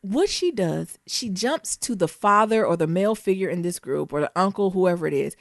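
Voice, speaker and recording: A woman co-hosting a podcast, telling a story in a casual, animated way and breaking into laughter. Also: on the low side, normal speed, creaky, no echo, clean studio sound. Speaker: podcast co-host.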